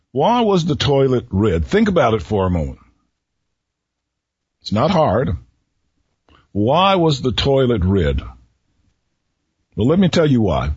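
A male radio host speaks slowly in a husky voice, teasing listeners with riddles in a folksy manner. The recording is dry and somewhat dull, like a small radio studio feed. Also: mid-range voice, no room sound. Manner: slow, folksy, teasing delivery. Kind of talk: solo radio talk with riddles.

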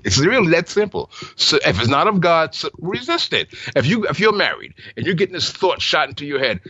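A man's voice: fairly high pitch, huge pitch swings, a little fast, hardly any pauses, sharp tone, dry recording. A man hosting a Christian call-in radio show, sharing a personal testimony earnestly with stammered restarts. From New York. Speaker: radio talk show host. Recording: muffled broadcast audio.

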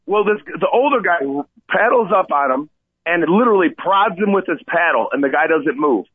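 A man co-hosting a talk radio show, telling a rescue story in an animated way and often asking "okay?". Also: high voice, normal speed, husky, no echo. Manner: excitable, repeats "okay?" and addresses Coach. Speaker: radio co-host and kayak tour operator. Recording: tinny phone-line sound, dry.

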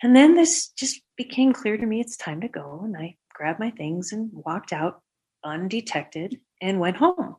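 A woman guest on a talk show, telling a personal story with lively voices for the people she quotes. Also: mid-range voice, a little slow, husky.

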